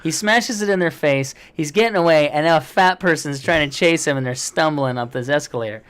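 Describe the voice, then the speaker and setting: A man co-hosting a podcast in casual chat, an animated storyteller who acts out quotes. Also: a little high, fairly quick, clear, resonant tone. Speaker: podcast co-host.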